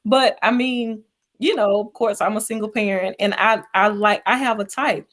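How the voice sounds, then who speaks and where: A woman's voice: mid-range voice, steady tone, normal speed, a bit bright. A woman co-hosting a talk show, asking questions and chatting with laughter. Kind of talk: casual talk show chat.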